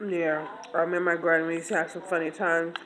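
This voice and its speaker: Bright, animated woman telling a story. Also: on the low side, fast, poor audio. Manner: animated, laughing, slangy, talks to listeners directly. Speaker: storyteller host. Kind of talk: casual storytelling.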